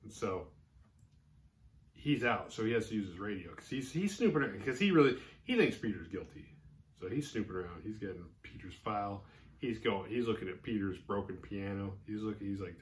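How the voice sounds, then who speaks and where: Animated man recapping a horror film. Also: lowish voice, a little fast, a little hiss or hum. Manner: animated, acts out characters' lines mid-recap. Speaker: horror movie podcast host. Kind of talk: casual movie recap.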